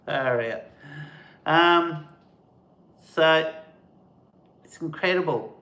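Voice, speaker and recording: A man chats on a live stream in a relaxed, unhurried way. His voice is bright, and it leaps up and down as he acts out sounds. The room is echoey. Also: a little high. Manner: animated, mimics bird calls and sounds. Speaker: host of a camping channel, live stream. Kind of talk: casual storytelling on a live stream.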